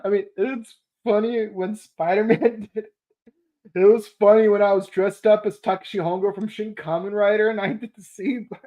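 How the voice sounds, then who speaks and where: A woman's voice: medium pitch, normal speed, muffled recording. A young woman hosting a podcast, reviewing an episode casually, laughing often and acting out lines from the show. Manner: animated, laughs often, acts out quoted lines. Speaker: podcast host.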